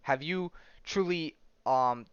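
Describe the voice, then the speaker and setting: A man's voice: fairly high pitch, takes it slowly, clear, resonant tone, dry recording. A man reading out the lines of a grandiose male time-travelling villain from a comic, stumbling over words with fillers. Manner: reads comic dialogue aloud with fillers. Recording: dull lo-fi sound.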